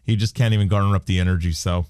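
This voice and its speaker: A man's voice: sits low, fairly even intonation, very fast, a little mellow, clean tone, dry recording, studio quality. Joking male interview host. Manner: joking, irreverent, plugs the show. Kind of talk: casual interview chat.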